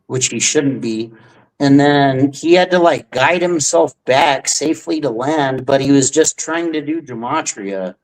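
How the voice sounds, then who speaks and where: Man, young adult, mid pitch, rambling, profane, livestream host. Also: unhurried, rough recording. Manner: rambling, profane, hesitant restarts. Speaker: stream host. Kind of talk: casual livestream chat.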